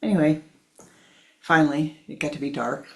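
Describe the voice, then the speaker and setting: Gravelly guy telling a spiritual story, chatty asides. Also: on the high side, moderate pace, fairly bright tone. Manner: conversational, many asides. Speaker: spiritual teacher. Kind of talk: storytelling teaching.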